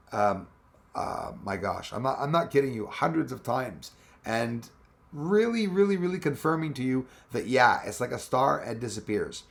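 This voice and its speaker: A man's voice: medium pitch, creaky. A man hosting a live stream, chatting casually and rambling as he answers viewers' comments with frequent laughs.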